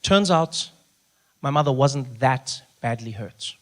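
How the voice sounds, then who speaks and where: A man's voice: medium pitch, takes it slowly. A man doing stand-up comedy, telling a story and acting out the people in it. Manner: animated, acts out characters, shouting bursts.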